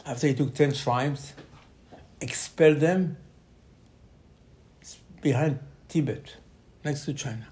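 A man teaching a Torah class as an animated story. He acts out quoted voices with sudden loud bursts and mixes Hebrew terms into his English. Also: fairly high pitch.

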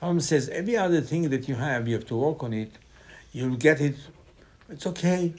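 A man in gives a Torah sermon, telling stories with sudden loud bursts and hushed asides. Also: a little high, lively intonation, a little fast. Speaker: rabbi teaching Torah.

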